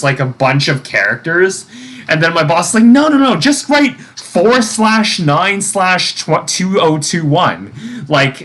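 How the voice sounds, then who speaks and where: A man's voice: mid-range voice, a bit bright. A young man vlogging casually about his days, rambling with many fillers and restarts. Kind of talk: casual storytelling.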